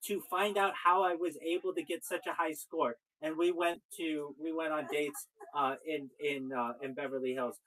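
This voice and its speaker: A man's voice: a little high, fairly bright tone, poor audio. A man, a rabbi, talking casually and at length in a conversation, often cutting in to disagree. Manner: talkative, cuts in with repeated "wait". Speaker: rabbi, show host.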